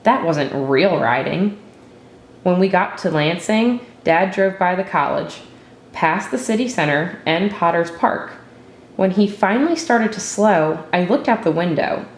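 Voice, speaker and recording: Woman reading a story, low-ish voice, steady and thoughtful, echoey room. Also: a little slow. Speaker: narrator.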